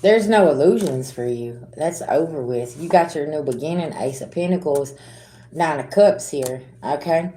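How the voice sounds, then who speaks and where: A woman's voice: low voice, moderate pace, warm tone, roomy sound, slight background noise. Sassy, blunt woman doing tarot readings. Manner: blunt, sassy, with slang and swearing. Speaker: tarot reader. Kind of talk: casual spiritual reading to viewers.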